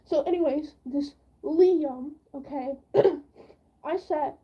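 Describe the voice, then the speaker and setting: High-pitched chatty teen girl. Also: slow pace, lo-fi sound. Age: teens. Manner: rambling, chatty, full of fillers. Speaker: streamer. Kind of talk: casual storytelling chat.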